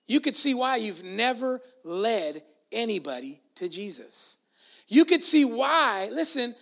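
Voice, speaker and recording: A pastor preaching a sermon emphatically, with loud stresses and sudden soft, quiet asides. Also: mid-range voice, sing-song, unhurried.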